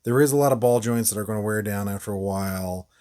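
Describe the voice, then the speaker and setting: A man's voice: lowish voice, fast talker, dark tone. A man hosting a casual toy review, rambling with frequent fillers and short laughs. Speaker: toy reviewer, channel host.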